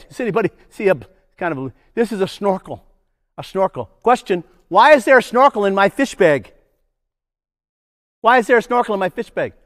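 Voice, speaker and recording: A high-voiced older man leads a children's nature program, calling out prompts for the crowd to chant back. His delivery is playful and bouncy, and a long hall reverb trails every phrase. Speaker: nature educator.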